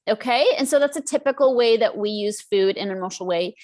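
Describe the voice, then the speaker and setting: Animated, high-voiced woman guest. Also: normal speed. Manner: chatty and animated, acts out her own inner voice. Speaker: guest, emotional eating expert. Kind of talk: podcast interview.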